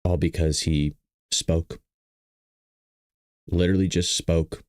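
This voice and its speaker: Brief: low-pitched male streamer, tearful and shaken, dry close sound, broken halting delivery. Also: level tone, darkish tone, no echo. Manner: halting, trailing off and restarting. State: tearful, choked up. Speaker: livestream host. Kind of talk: emotional live stream talk.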